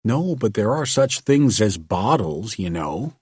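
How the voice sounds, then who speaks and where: A gruff, practical prisoner, voiced by a man reading a storybook. He talks steadily and reassuringly in a low, husky voice at an unhurried pace. The sound is dry and close. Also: sing-song, darkish tone, no echo, heavily acted. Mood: steady. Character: hot-tempered jailed man, practical and calm.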